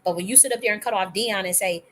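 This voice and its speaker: Woman, from the United States, has a cold, livestream host, angry profane rant, medium pitch. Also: a bit bright. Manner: angry, profane, rapid-fire ranting with restarts. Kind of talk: heated monologue on a livestream.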